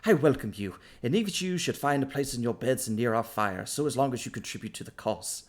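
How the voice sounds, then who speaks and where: A man voicing a calm, weathered older half-elf camp leader who speaks in a welcoming, grandiose way. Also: medium pitch, fairly quick, lightly acted.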